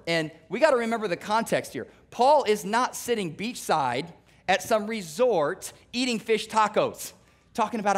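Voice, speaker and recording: A man preaches in a somewhat high voice, casual and chatty but pressing his points hard. He mixes jokes into the message and talks straight to the congregation. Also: animated, moderate pace. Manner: conversational, humorous and emphatic. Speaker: pastor. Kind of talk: sermon. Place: church sanctuary.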